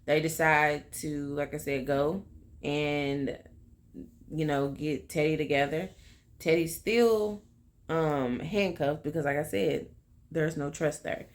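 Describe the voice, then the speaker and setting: Low-voiced woman chatting through a recap. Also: slow. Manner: chatty, full of fillers and "like I said". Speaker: TV recap vlogger. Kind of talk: casual episode recap.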